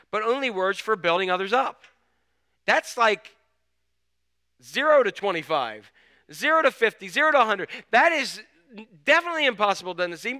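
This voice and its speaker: Bright-voiced male pastor preaching. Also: on the high side, smooth. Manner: conversational, storytelling, full of restarts. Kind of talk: sermon.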